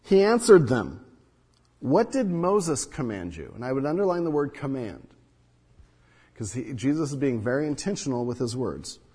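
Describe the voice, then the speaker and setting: Husky-voiced man preaching in a reverberant hall. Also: mid-range voice, expressive, normal speed, mellow. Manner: earnest teaching with rhetorical questions and asides to the congregation. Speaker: pastor. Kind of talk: sermon. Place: church hall with congregation.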